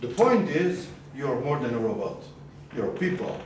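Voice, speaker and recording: A man's voice: mid-range voice, sing-song, a little slow, darkish tone, far from the mic, slight background noise. A man giving a live coaching talk to a group, questioning the audience often and mixing in words of another language. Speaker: business coach. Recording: echoey room, voice from afar.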